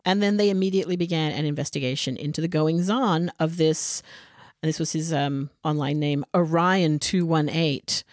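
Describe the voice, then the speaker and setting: A woman's voice: sits low, normal speed, darkish tone, no room sound, studio quality. A woman co-hosting a true crime podcast, sarcastic and swearing, acting out people's reactions as she tells the story. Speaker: podcast co-host.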